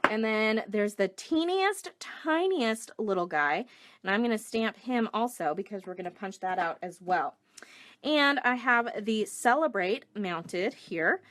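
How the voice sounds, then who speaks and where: A woman's voice: medium pitch, lively intonation, unhurried, a bit bright. A middle-aged woman demonstrating a paper craft project live, chatting and greeting viewers between steps. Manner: chatty, reads viewer comments aloud.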